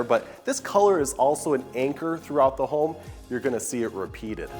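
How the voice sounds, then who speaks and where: Upbeat man giving a kitchen tour. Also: mid-range voice. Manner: upbeat, enthusiastic showing-off. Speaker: home tour guide. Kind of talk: walkthrough tour presentation. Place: large kitchen indoors. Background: soft background music.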